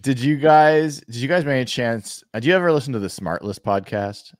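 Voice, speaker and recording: A man co-hosting a casual sports podcast, talking in an animated way with frequent restarts. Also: mid-range voice, a little fast, dry recording, studio quality. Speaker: podcast co-host.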